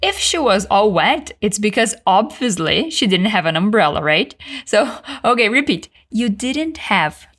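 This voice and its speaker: Woman teaching English slowly. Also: mid-range voice, very animated, a bit bright. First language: Brazilian Portuguese. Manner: slow, carefully enunciated model sentences. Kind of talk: language lesson with repeat-after-me drills.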